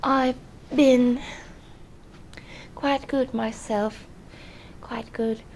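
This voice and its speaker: A woman playing a slow, hesitant diarist. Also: on the high side, fairly even intonation, a little hiss or hum, poor audio. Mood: confiding. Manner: hesitant and soft-spoken, drifting into whispers. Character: earnest, lonely young woman keeping a video diary. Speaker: diary vlogger character. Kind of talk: in-character diary vlog.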